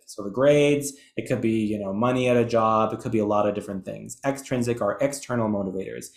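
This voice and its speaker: A man's voice: fairly low pitch, brisk, vocal fry, few pauses, roomy sound. A man presenting an educational webinar in a chatty, enthusiastic way, with some self-deprecating asides. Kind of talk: webinar lecture.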